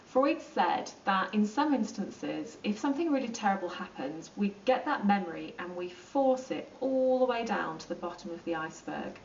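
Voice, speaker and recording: A woman explaining psychology in a relaxed, chatty lesson, with plenty of ums and acted-out asides. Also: mid-range voice, moderate pace, hardly any pauses, a little hiss or hum. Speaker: psychology teacher. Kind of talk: informal lesson explaining to camera. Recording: roomy, distant and dull.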